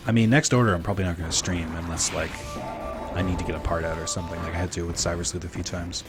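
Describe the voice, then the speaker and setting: Young man, low voice, casual stream chatter, rambling and filler-heavy, music in the background. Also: fairly even intonation, quick pace. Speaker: streamer reading chat. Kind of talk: casual gaming stream chat. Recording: game music behind.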